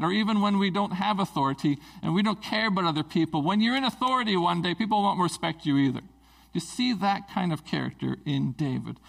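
A male preacher delivers a conversational sermon, asking the congregation rhetorical questions. His voice is gravelly, with a fairly high pitch.

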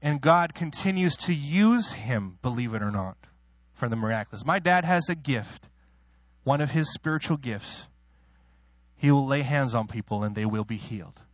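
A man preaching a sermon, emotional in delivery, moving between soft personal asides and loud, soaring declarations, with self-deprecating laughs. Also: expressive, moderate pace, no room sound. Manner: emotional, swings from soft asides to loud high-pitched exclaiming; laughs at himself between points.

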